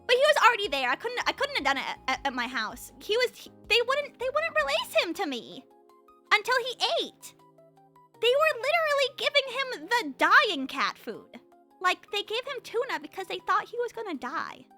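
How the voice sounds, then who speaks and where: A young woman chats away on a livestream, her voice high and very bright, leaping up and down in pitch. She rambles freely, full of "like" and stumbling restarts, over faint music in the background. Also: very animated, normal speed. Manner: rambling, frequent fillers and repeated restarts. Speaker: streamer. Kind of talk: casual livestream chat.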